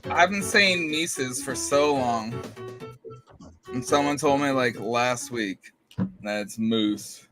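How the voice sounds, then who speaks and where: A man co-hosting a casual chat over gameplay, riffing in a silly, animated way, with game music behind him. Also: medium pitch, takes it slowly. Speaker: co-host.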